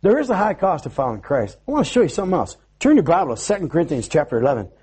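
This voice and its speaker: A pastor preaches a sermon in a somewhat high, husky, slightly mellow voice, racing along with big pitch swings. He tells his story with animation, stumbling and restarting his words as he goes.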